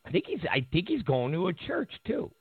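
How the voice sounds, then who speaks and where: A man's voice: sits high, huge pitch swings, a little fast, breathy edge, dry recording. A man hosting casual political commentary who mocks his opponents, repeats his points and laughs at his own remarks. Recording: tinny phone-like audio.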